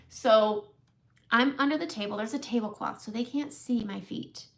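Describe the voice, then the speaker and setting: A woman in her forties telling a long funny story on a makeup live stream, often laughing at herself. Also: medium pitch. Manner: chatty, laughing, self-mocking storyteller. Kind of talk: casual storytelling chat.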